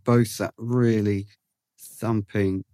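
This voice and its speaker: A man's voice: fairly low pitch, steady tone, slow pace, warm tone, dry recording, clean studio sound. A man co-hosting a podcast, making wry, matter-of-fact remarks in casual chat. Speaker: podcast co-host.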